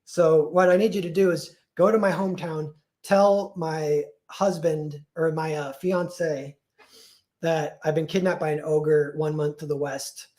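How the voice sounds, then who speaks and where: A man's voice: a little high, fairly even intonation, a little slow, a little mellow, lightly acted. A man voicing a young woman held captive by an ogre, speaking plainly and matter-of-factly in his own voice. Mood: pleading.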